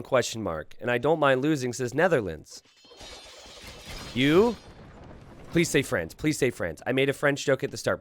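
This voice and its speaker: A male game commentator whose voice sits at an ordinary mid pitch but swings widely up and down as he reacts. He talks casually and excitably, laughs easily and breaks into sudden exclamations. He keeps turning to his viewers with questions. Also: normal speed, slight background noise. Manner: chatty, asks the viewers questions. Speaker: game commentator and channel host.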